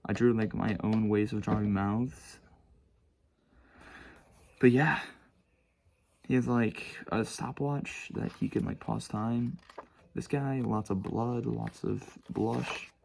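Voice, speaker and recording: A man's voice: lowish voice, steady tone, slow, creaky, pauses often, a little mellow, slight background noise. A teenage boy casually rambling about his own sketchbooks at home, swearing and mocking himself. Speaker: vlogger showing his sketchbooks. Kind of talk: casual chat.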